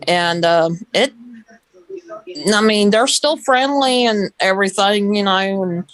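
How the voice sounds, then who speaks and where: A woman's voice: mid-range voice, takes it slowly, no room sound, rough recording. Hesitant woman chatting, dry sound. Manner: hesitant, chatty, many fillers. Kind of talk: casual chat.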